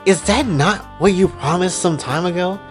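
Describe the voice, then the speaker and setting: A man's voice: high-pitched, moderate pace, faint music behind, voice pushed up, lightly acted. A man voicing an indignant young woman who questions and protests.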